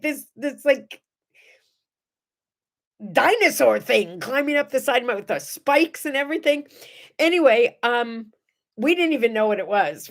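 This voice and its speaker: Middle-aged woman host, lively and chatty, fairly high pitch, talks straight to viewers. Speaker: morning show host. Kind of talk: casual chat and storytelling.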